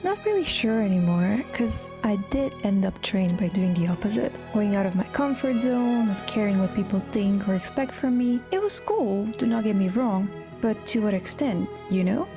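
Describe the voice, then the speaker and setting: A woman's voice: medium pitch, lively intonation, moderate pace, few pauses. A young woman from Croatia giving a candid, reflective vlog voice-over. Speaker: vlogger. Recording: music clearly behind the voice.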